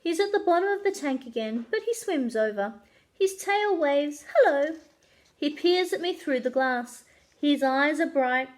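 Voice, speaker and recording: Librarian reading to kids, expressive storyteller, high and animated. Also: female voice, normal speed. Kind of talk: children's story read-aloud.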